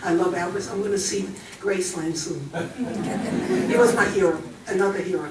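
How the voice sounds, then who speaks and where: A woman in her eighties with a German accent, giving a talk to a college audience, chatty and pausing with fillers. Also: lowish voice, fairly even intonation. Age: 80s. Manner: warm, chatty, pauses with fillers. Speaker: guest speaker. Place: large college hall. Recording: echoey hall from far off, faint noise.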